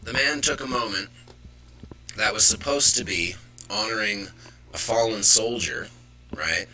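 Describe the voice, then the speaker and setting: A man's voice: fairly low pitch, expressive, measured pace, sharp tone, poor audio. A man hosting a live show, ranting with profanity and irritation about the news. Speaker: host. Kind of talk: live political commentary.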